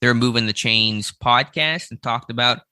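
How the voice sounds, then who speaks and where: A man with a very bright, sharp voice at middling pitch hosts a casual sports podcast. He speaks plainly and easily, with a deliberate opening. The sound is dry and close to the mic. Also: clear, resonant tone, no room sound. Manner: easygoing, plainspoken, slow formal show opening. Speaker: podcast co-host.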